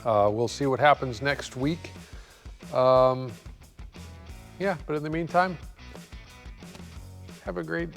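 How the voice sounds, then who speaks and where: A man hosting a car repair show, chatting casually and thinking aloud with lots of pauses in his shop. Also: medium pitch, gravelly, long reverb tail, faint music behind. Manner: rambling, relaxed, thinking aloud with many pauses. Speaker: host of a car repair channel. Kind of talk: casual talk to camera.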